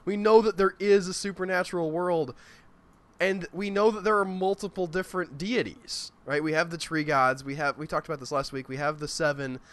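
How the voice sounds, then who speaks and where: A man's voice: fairly high pitch, steady tone, fairly quick, fairly bright tone. A man hosting a podcast, chatting casually about a TV episode and going off on tangents. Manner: rambling, goes off on tangents. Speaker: podcast host. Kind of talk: casual TV recap chat.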